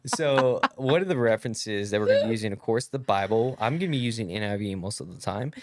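A woman's voice: extremely low pitch, quick pace, darkish tone, no echo, studio quality. A woman co-hosting a podcast in casual joking chat, playful and teasing with mock-dramatic outbursts. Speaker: podcast co-host.

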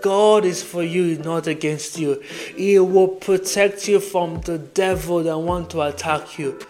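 Guy preaching a podcast sermon real slow, earnest, bit high voice, faint music behind. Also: steady tone, darkish tone. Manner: slow, earnest, repetitive preaching with Bible readings. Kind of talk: devotional sermon.

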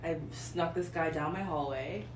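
Lower-voiced woman in an echoey room. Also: normal speed, far from the mic, background noise. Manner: laughs often, chimes in. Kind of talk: casual chat.

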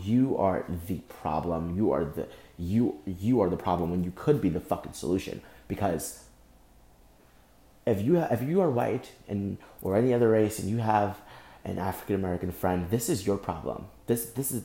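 A young man hosting a solo podcast, speaking angrily and with deep emotion, often breaking off and repeating himself. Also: dark tone, echoey room. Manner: angry, emotional, repeats and restarts. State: emotionally shaken. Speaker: podcast host. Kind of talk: impassioned solo podcast monologue.

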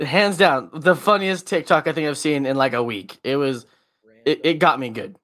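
A man's voice: on the high side, normal speed, fairly bright tone. A young man co-hosting a casual podcast, eager and jokey in back-and-forth banter. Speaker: podcast co-host. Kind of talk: casual chat.

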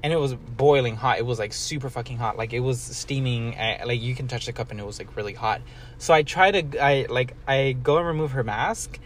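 A man's voice: mid-range voice, fairly quick, a little hiss or hum. A young man rambling through a casual story, full of "like" and casual swearing, talking as a co-host.

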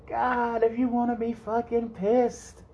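A woman's voice: fairly high pitch, flat delivery, a little slow, dull audio, a little hiss or hum. A young woman hosting a solo podcast, rambling casually, swearing freely and laughing often. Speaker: podcast host.

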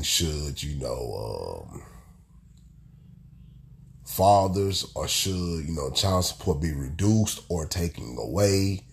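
A very deep-voiced man talks through a solo podcast. His voice is stuffy and congested from illness. He rambles and circles back, repeating phrases with plenty of "you know.". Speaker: podcast host. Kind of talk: casual solo podcast monologue.

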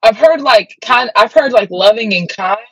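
A woman's voice: a little high, expressive, moderate pace, slightly rough, no echo, low-quality recording. A young woman athlete answering interview questions in a chatty, upbeat way, full of "like" fillers. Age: young adult. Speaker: guest athlete. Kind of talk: casual interview.

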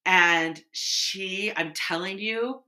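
A woman co-hosting a casual podcast chat, telling lively work stories and acting out the people she quotes. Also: mid-range voice, very slow. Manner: animated storyteller, acts out quoted people. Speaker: podcast co-host.

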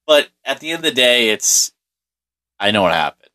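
A man's voice: medium pitch, sing-song, normal speed, pushed and bright. A middle-aged man telling a personal story in a rambling, profane way, full of restarts and fillers. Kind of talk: casual storytelling monologue.

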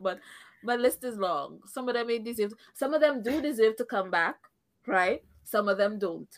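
A woman's voice: on the high side, lively intonation, normal speed. A woman co-hosting a casual reality-show recap, speaking her opinions firmly, thinking aloud and laughing often. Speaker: podcast co-host.

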